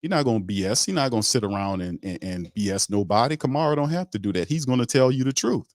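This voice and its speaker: A man's voice: mid-range voice, animated, quick pace, dry recording, studio quality. A man hosting a sports talk show in a blunt, emphatic rant that repeats points for emphasis.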